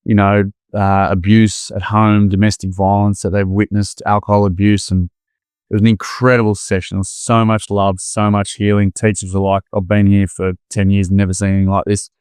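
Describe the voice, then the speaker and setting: Middle-aged Australian man, smooth low voice, earnest storyteller, close dry sound. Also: brisk, no room sound. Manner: earnest, animated, uses mate and slang. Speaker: guest, former primary school teacher. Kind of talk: casual conversational storytelling.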